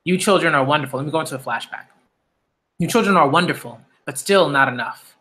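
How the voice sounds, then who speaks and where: A man's voice: a little high, lively intonation, quick pace, pushed and bright. A man reading aloud the lines of a gleeful, cruel male demon aristocrat who hunts people, smug and relishing each word.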